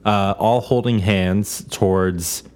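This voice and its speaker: A man's voice: fairly low pitch, fairly even intonation, takes it slowly, a little mellow. A man co-hosting a podcast, recapping a show in casual chat with crude jokes. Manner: crude joking recap, mock voices. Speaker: podcast co-host.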